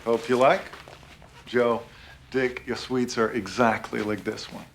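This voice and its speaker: A man's voice: mid-range voice, fairly even intonation, unhurried, gravelly, a little hiss or hum. A man playing a cheerful, boastful host who welcomes American guests to a hotel. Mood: jovial. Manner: jovial, boastful. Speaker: Russian hotel guide.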